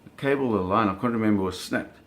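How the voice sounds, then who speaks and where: Lower-voiced man telling a vivid anecdote. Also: fast talker. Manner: vivid storytelling with gestures and sound effects; frequent self-corrections and repeated words. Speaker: storyteller recalling shark hunting. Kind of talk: casual spoken anecdote.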